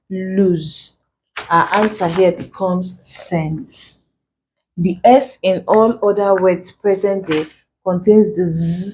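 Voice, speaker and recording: A woman gives an exam-prep pronunciation lesson, taking her time and saying each example word more than once. Her voice sits fairly low, and her pace is unhurried. A faint hiss of noise runs under the recording. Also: dark tone, rough recording. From Nigeria. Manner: slow, deliberate, repeats example words. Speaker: English tutor.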